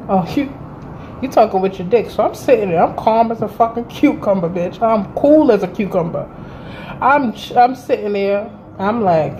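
A woman of thirty vlogging a casual storytime indoors by a window, blunt and profane, telling it with animated energy. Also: medium pitch, normal speed, a little hiss or hum, poor audio.

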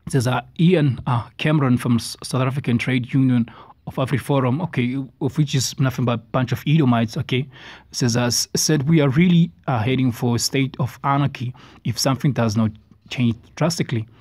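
A man's voice: medium pitch, steady tone, fairly quick, darkish tone, no room sound. A man giving a preachy response-video commentary, stumbling over words as he reads passages aloud. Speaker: religious commentator. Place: South Africa.

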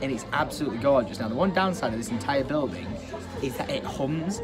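A man vlogging casually from a hotel restaurant, excitable and jokey, swearing casually. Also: medium pitch, quick pace. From England. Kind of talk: casual vlog chat. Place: hotel restaurant high up a tower, indoors. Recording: music and crowd chatter behind.

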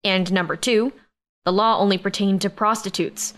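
A woman voicing an arrogant male alien nobleman and soldier in an audiobook, speaking slowly, curtly and commandingly. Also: mid-range voice, steady tone, a bit bright, natural voice. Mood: irritated. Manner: slow, curt and commanding. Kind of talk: audiobook character voice.

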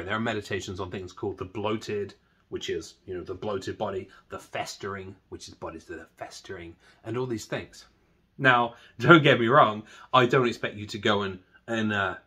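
A man teaching meditation, talking in a chatty, self-deprecating way before slipping into a slow, soft meditation voice. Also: on the low side, slightly rough. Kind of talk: guided meditation talk.

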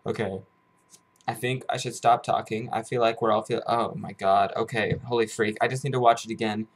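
A young man from the United States reacting to a music video on his vlog, gushing with loud bursts and hushed awe. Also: on the low side, fairly even intonation, a little fast. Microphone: headphones on, camera mic.

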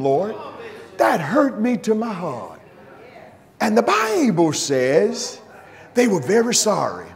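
A man preaching a fiery church sermon, shouting in drawn-out phrases and calling on the congregation for praise. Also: very high voice. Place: church sanctuary. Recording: reverberant hall, faint congregation.

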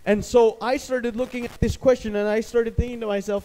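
A man's voice: extremely high pitch, fairly even intonation, a little fast, mellow. A man with a Southern US accent preaching a sermon, talking with his congregation and putting questions to them. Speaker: pastor.

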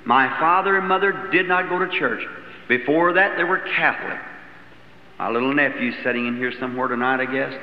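A man's voice: mid-range voice, dull audio. Man preaching in an echoey old hall. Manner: plain rural phrasing, personal anecdotes. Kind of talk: folksy storytelling sermon.

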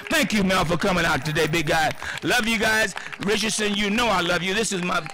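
A man's voice: high voice, brisk, sharp tone, slight background noise. An older man giving a joking, heartfelt, rambling speech at a field dedication. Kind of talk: informal outdoor speech. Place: outdoor sports field.

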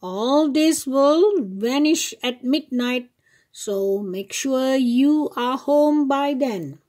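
A woman playing a gentle fairy godmother. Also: high-pitched, animated, extremely slow, exaggerated voice. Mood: instructing. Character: kindly magical old fairy godmother, reassuring. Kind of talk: storybook read-aloud for children.

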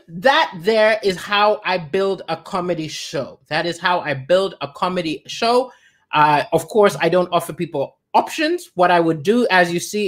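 A man's voice: sits high, a bit bright. A man hosting an online comedy show, delivering a stand-up monologue with restarts and self-deprecating punchlines.

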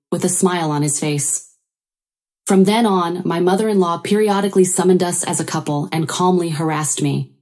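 A woman narrating a first-person story in a steady storytelling delivery. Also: lowish voice.

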